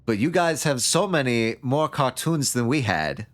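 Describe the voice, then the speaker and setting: A man voicing a shy young colonist kid who loves cartoons, in a put-on mock European accent with slow, drawn-out delivery. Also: mid-range voice, lively intonation, close to an everyday voice. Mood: conspiratorial. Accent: mock Tommy Wiseau-style European accent. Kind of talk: acting out a visual novel character.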